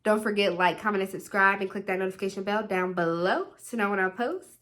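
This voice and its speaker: A young woman telling a dramatic storytime on her vlog, animated and leaning on "literally" and "like". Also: medium pitch, quick pace. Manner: animated, dramatic retelling with put-on quoted voices; repeats "literally" and "like" constantly. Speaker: vlogger.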